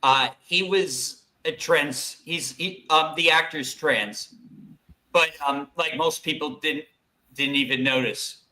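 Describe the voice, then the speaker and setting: A man guesting on a podcast, excitable but halting, stumbling through fillers as he speaks slowly. His voice is bright and a little high for a man. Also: rough recording. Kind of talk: casual podcast chat.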